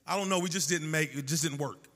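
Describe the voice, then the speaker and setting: A man's voice: a little high, fast, fairly bright tone. A man preaching a sermon in a sing-song cadence, telling stories and acting out the dialogue. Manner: storytelling with acted-out dialogue. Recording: long reverb of a large hall.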